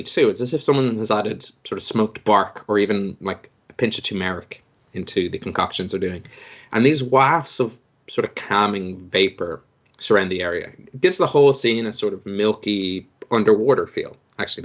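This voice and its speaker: Game master narrating a tabletop game, low voice, rambling delivery. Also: male voice, big pitch swings, moderate pace. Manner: meandering, hesitant narration with many fillers.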